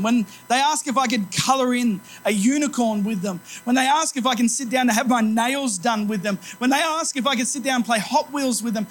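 A man's voice: very high voice, a bit bright. A man in his thirties preaching a sermon as pastor, telling stories in a conversational, self-deprecating way.

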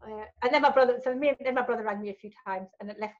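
A woman speaks candidly as a guest on a podcast, frank and sweary, often asking "right?" as she goes. Her voice sits fairly high. The audio is a little dull. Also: racing. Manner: frank, sweary, laughs often, fillers like right and you know. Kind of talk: candid storytelling in a podcast chat.

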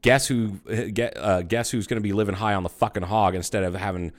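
A man's voice: on the low side, steady tone, fairly quick. A middle-aged man in casual chat, telling stories bluntly and swearing freely. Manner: blunt storytelling, heavy swearing.

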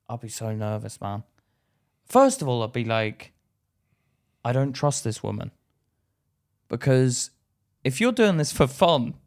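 A young British man co-hosting a podcast in casual chat, joking, laughing often and reading aloud haltingly. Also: mid-range voice, creaky. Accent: British English. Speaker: podcast co-host.

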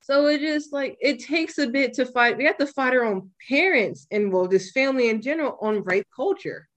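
A young woman hosting a podcast, talking bluntly and with plenty of swearing in a casual, animated way. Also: fairly high pitch, moderate pace. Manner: blunt and profane, animated retelling. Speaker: podcast host.

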